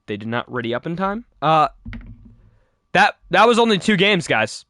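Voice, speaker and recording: A young man casting a live esports match, calling the play rapidly with joking asides. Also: fairly high pitch, very animated, sharp tone, no room sound. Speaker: esports caster.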